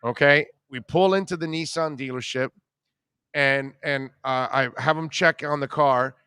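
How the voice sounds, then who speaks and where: A man hosting a talk radio show, telling a rambling, animated personal story in casual conversation. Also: mid-range voice, measured pace, clean tone, no room sound.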